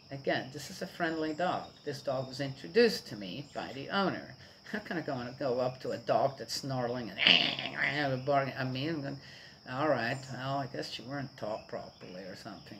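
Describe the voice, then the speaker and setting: A woman's voice: very deep voice, fairly bright tone, a little hiss or hum, low-quality recording. Rambling older woman chatting outdoors. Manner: rambling, chatty, keeps checking in with "right?". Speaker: vlogger. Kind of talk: casual morning chat.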